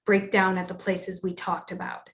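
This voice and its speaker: A woman voicing a brisk, bossy director on a video shoot who gives quick instructions. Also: medium pitch, level tone, fairly bright tone, lightly acted. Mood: instructive. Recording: roomy echo.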